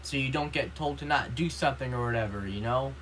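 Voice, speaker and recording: A man's voice: mid-range voice, fast talker, fairly bright tone, low-quality recording. A young male vlogger speaks in a casual rant, earnest and upset. His speech rambles and is packed with "you know" and "like." A faint ambient hum sits under his voice.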